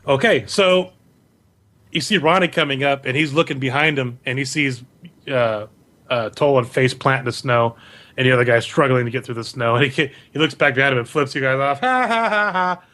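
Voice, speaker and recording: A man's voice: mid-range voice, fairly even intonation, a little fast, sharp tone. A man narrating as game master of a tabletop game, loose and rambling, stumbling over names.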